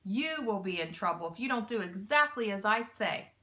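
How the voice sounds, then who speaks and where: A woman's voice: medium pitch, animated, normal speed, pushed and bright. A woman reading aloud, voicing a polite, long-winded adult male hijacker in a children's storybook. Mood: bossy. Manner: formal, fussy, long-winded.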